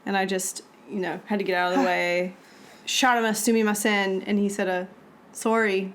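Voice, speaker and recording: A woman from Canada co-hosting a podcast, chatting in a relaxed, wry way with dry humor. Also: mid-range voice, normal speed. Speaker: podcast co-host. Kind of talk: casual chat.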